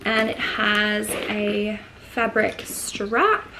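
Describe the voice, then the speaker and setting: A woman's voice: medium pitch, flat delivery, extremely slow, background noise. A woman with an Australian accent chatting through a casual unboxing vlog at home, gushing and filling her talk with likes and ums. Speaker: vlogger.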